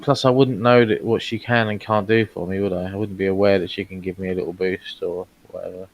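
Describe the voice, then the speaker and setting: A man's voice: low voice, steady tone, a little fast, muffled recording. A man playing a tabletop role-playing game, thinking aloud and weighing his options with some hesitation. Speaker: player.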